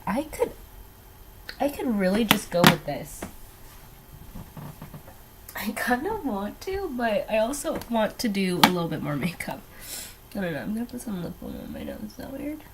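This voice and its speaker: A young beauty vlogger chats casually as she does her makeup at home, her voice fairly high with a little hiss or hum in the background. Her get-ready-with-me talk rambles, full of ums, hesitations and trailing asides.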